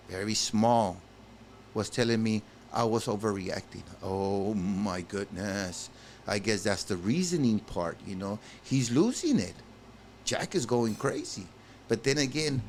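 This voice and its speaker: Slow, gravelly man reading a game aloud. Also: mid-range voice, a little hiss or hum. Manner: reads the game text, then breaks off with exclaimed reactions; talks to viewers as "guys". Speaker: gaming channel host. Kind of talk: let's play commentary, reading a story game aloud.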